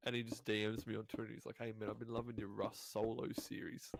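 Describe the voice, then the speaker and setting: A man's voice: fairly low pitch, little pitch movement, quick pace, creaky. A man as a guest on a podcast, in laid-back casual chat with casual swearing.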